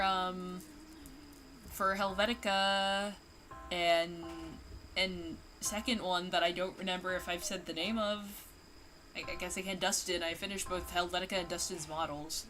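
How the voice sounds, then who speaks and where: A woman's voice: lowish voice, fairly even intonation, unhurried, pushed and bright, slight background noise. A woman streaming a game, chatting casually and rambling with lots of fillers, now and then yelping at the game. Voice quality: worries her voice sounds nasal. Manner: rambling, filler-heavy, breaks into yelps at the game. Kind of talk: casual gaming stream chat. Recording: game music playing behind.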